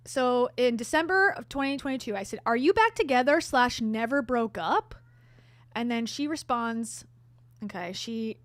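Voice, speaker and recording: A woman's voice: on the high side, dry recording. A woman hosting her own vlog, telling a story to camera in a chatty, candid way with sarcastic asides. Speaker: vlogger host.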